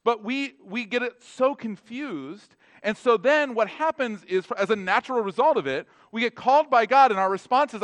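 A man, a pastor with children, preaching a sermon in a conversational, animated way and acting out short dialogues. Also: extremely high pitch, moderate pace, hardly any pauses. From North America. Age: adult with children.

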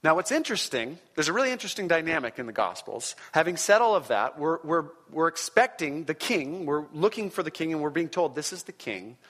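A male preacher with a voice pitched somewhat high for a man. He teaches in a conversational yet emphatic way and often chuckles between points. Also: sing-song, a little fast, few pauses, fairly bright tone. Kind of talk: sermon teaching.

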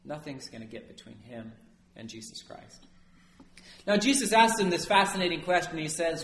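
A man preaching a sermon as a priest, lively and conversational, often asking his listeners "right?". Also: high-pitched, brisk, roomy sound, a little hiss or hum.

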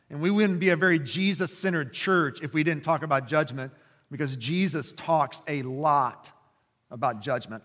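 A man's voice: on the high side, fairly bright tone. A man in his forties preaching as a pastor in a church, passionate and conversational, with frequent fillers and restarts. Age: 40s. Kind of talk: sermon. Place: church sanctuary. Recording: long reverb in a church hall.

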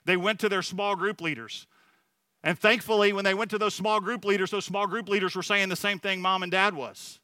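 A man's voice: high-pitched, fairly even intonation, a little fast, bright, forceful tone, no echo. A middle-aged man preaching a sermon at a Sunday service, earnest and personal, telling stories with frequent restarts. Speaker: church leader speaking at a Sunday service.

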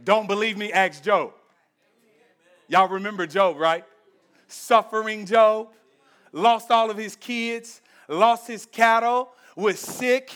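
A male pastor with a strikingly high voice delivers a conversational sermon to his congregation. He swings between loud, emphatic lines and hushed, intense stretches. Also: slow, smooth.

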